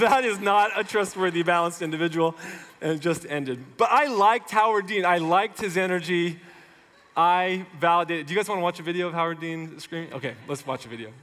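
A pastor preaches loosely and conversationally, filling his sermon with everyday fillers. His voice is a little higher than most men's and fairly bright in tone, and a long reverb trails each phrase.

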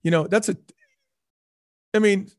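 A man's voice: sits high, measured pace, no echo, clean studio sound. A middle-aged man, a former business executive, telling stories as a podcast guest and acting out the voices he quotes. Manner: energetic, acts out quoted voices. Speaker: guest, former restaurant chain CEO. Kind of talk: animated storytelling in a podcast interview.

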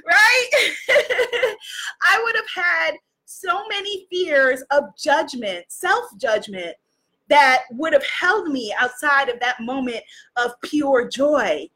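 Very high-pitched exuberant woman coach. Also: animated, takes it slowly, pushed and bright. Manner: exuberant, laughing often, calling out cheers. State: out of breath. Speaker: spiritual business coach. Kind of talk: live-streamed motivational talk.

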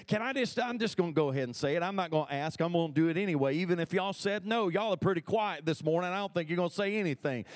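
A man preaching a sermon as pastor, talking conversationally and calling for responses from the congregation. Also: high-pitched. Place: church sanctuary.

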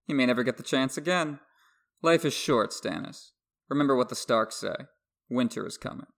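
A man's voice: mid-range voice, normal speed, creaky, a bit bright. A podcast host voicing a smug, mocking young nobleman in a dramatic novel reading, airy and boastful.

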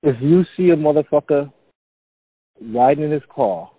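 Male co-host, husky and a bit high, repeats his jokes, dry phone-line sound. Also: moderate pace, no echo. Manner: repeats phrases, stammers into jokes. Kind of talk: casual profane chat.

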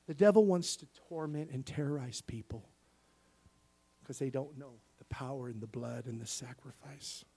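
A male pastor delivers a sermon with a husky, breathy voice at an average pitch. He swings from loud emphatic bursts to soft near-whispers, calling for amens along the way. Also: moderate pace.

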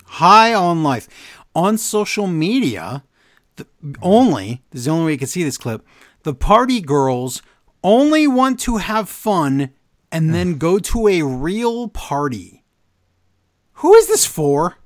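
A man's voice: high voice, very animated, slow pace, dry recording, studio quality. A man co-hosting a podcast, recapping wrestling in casual chat with sarcastic, exasperated asides. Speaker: podcast co-host.

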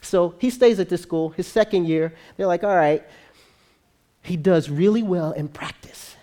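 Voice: mid-range voice, moderate pace. A preacher telling a story in a conversational sermon, often checking in with listeners by asking them to agree. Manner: conversational, animated, frequent tag questions.

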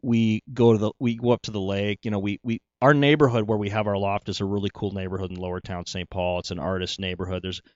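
A man's voice: fairly low pitch, steady tone, fast, few pauses, dry recording, highs cut off. A middle-aged male actor telling his story in a casual interview, rambling, with many restarts and "you know"s.

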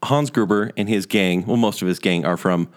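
A man's voice: low-pitched, normal speed. A man co-hosting a podcast, making playful arguments and laughing at his own points. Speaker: podcast co-host. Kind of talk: casual debate chat.

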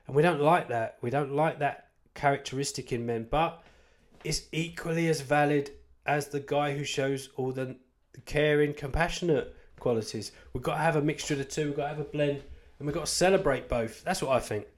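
Briskly and with fairly even intonation, a man with a slightly high voice, a Christian author, talks casually about church life. He rambles, stays candid, pokes fun at himself, and repeats points for emphasis.

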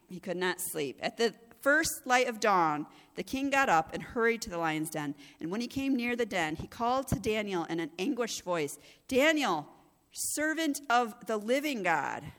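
A woman's voice: medium pitch, lively intonation, moderate pace, few pauses, a bit bright. A woman pastor giving a conversational sermon, growing emphatic and intense at moments. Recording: long hall reverb.

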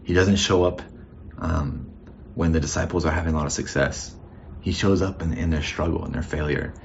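A man's voice: extremely low pitch, steady tone, moderate pace, creaky, muffled recording, a little hiss or hum. A man preaching a sermon as pastor in a conversational, reflective way, often restarting his sentences.

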